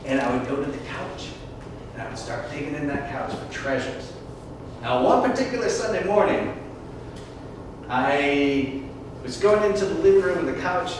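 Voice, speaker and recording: A man from Michigan telling profane, animated autobiographical stories on stage. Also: fairly high pitch, far from the mic. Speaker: solo performer. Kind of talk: autobiographical stand-up storytelling. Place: live stage show. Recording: echoey live stage from afar, noisy.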